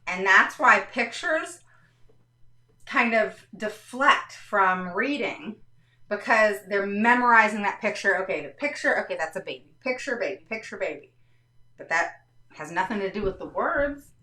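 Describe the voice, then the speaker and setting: A woman's voice: mid-range voice, lively intonation, unhurried, bright, forceful tone. A woman hosts a casual live stream, explaining things step by step and often checking in with her viewers. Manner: explanatory, keeps checking in with "all right". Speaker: host of a parenting live stream. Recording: roomy, slightly distant mic.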